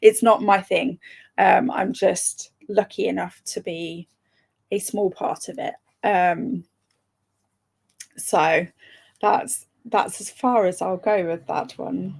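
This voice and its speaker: A woman's voice: medium pitch, takes it slowly, vocal fry, husky. A young woman hosting a live stream, chatting casually, laughing often and answering viewer comments. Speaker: livestream host.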